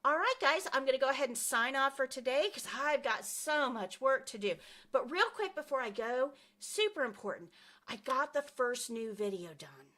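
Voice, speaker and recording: Upbeat chatty woman teacher on a livestream, slightly high voice, bright and bouncy. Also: lively intonation, normal speed. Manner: chatty, upbeat, reads viewer comments aloud. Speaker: nursing assistant instructor and live stream host. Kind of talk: casual live stream chat.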